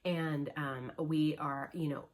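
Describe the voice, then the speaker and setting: Chatty middle-aged woman with a low voice. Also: fairly even intonation, slow. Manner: rambling, chatty storytelling with many fillers. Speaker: cross-stitch vlogger. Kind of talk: casual chat.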